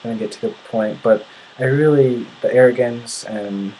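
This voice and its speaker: A man's voice: medium pitch, normal speed, dark tone, a little hiss or hum, low-quality recording. A young man from the United States venting in a casual video. He sounds indignant and often restarts his sentences. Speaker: vlogger.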